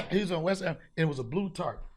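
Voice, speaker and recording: A man hosting a podcast, telling a street story in casual chat, profane and animated, acting out the people he met. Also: on the high side, fairly quick. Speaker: podcast host.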